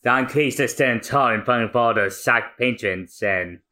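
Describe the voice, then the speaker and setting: A man co-hosting a podcast, narrating a manga read-through in a hesitant, halting way. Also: medium pitch, bright, forceful tone. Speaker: podcast co-host.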